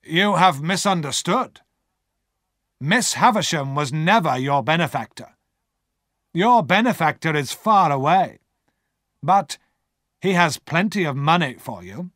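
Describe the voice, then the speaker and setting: A man's voice: on the high side, animated, measured pace, long pauses, fairly bright tone, no room sound, studio quality, voice pushed up. A man doing a clipped, guarded lawyer. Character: brisk cautious male lawyer, middle-aged.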